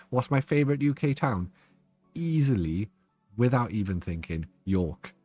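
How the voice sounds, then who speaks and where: A man's voice: medium pitch, animated, unhurried, darkish tone, dry recording, soft background music. A young man, chatting and joking with viewers on a live stream, laughing often. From Wales. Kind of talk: casual live-stream chat.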